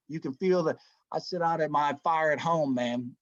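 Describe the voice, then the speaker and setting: Folksy, fairly high-voiced man teaching Bible study. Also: normal speed, dry recording, highs cut off. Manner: folksy, keeps saying "man" and "right?".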